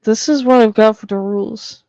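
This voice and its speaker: A woman's voice: a little high, fairly even intonation, normal speed, mellow, no room sound, dull audio. A woman from the Boston area chatting casually on her live stream, blunt and swearing freely.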